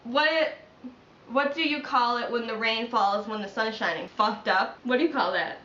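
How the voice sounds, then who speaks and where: A woman's voice: a little high, normal speed, bright, forceful tone, echoey room, dull audio. A woman with a Chicago accent asking her boyfriend accent questions in casual, joking chat, swearing freely. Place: home room.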